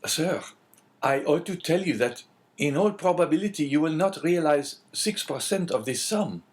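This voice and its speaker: A man's voice: a little high, lively intonation, normal speed, voice pushed up, close to an everyday voice. A man voicing an anxious, eager middle-aged French prison inspector in an audiobook, in a fretful, pleading manner.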